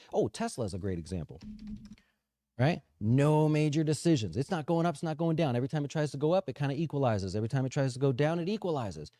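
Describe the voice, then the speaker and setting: A man talks through the markets in a loose, chatty way, his pitch swinging up and down as he goes. His voice sits mellow and dark. The sound is dry and close, with no room around it. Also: no echo. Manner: chatty, animated, says "right?" often. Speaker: financial advisor show host. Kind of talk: casual market commentary.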